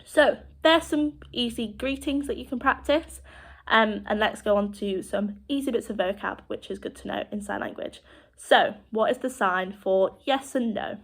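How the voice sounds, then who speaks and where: A woman with a British accent teaching children sign language, speaking slowly and clearly as she demonstrates each word. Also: a little high. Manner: slow, clear demonstrating speech.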